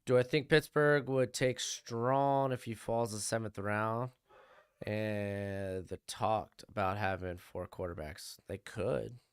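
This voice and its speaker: A man's voice: fairly low pitch, fairly even intonation, takes it slowly, clean tone. A young man hosting a live stream, casually commenting on draft picks and answering his chat. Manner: chatty, answers chat questions, offhand opinions.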